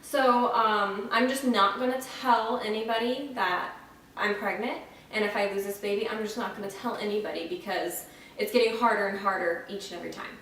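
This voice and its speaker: A young woman from Florida chats frankly into a camera set back from her, filling pauses with ums and restarting her thoughts. She sounds dry-mouthed and slightly out of breath. The room is strongly echoey, with a faint hiss underneath. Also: medium pitch, a bit bright, distant mic. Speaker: vlogger. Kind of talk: casual pregnancy update vlog. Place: at home, indoors.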